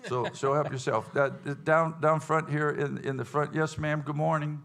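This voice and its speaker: A man's voice: on the high side, little pitch movement, moderate pace, fairly bright tone. A man leading his band's casual question session with a live audience, rambling and folksy, full of fillers and restarts. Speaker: bandleader hosting a audience Q&A. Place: event hall with live audience.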